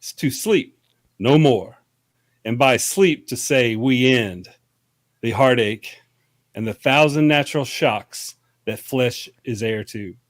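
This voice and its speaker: A man with a Southern country accent reciting a Shakespeare soliloquy slowly in mock-grand style. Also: mid-range voice, lively intonation, no room sound. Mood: mock-solemn. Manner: slow, deliberate, mock-grand reading.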